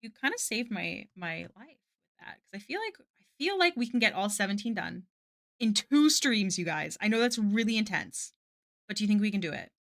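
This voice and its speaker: A woman's voice: medium pitch, very animated, moderate pace, creaky. A woman streaming her drawing live, chatting casually and answering her chat with lots of "like" fillers. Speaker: art streamer.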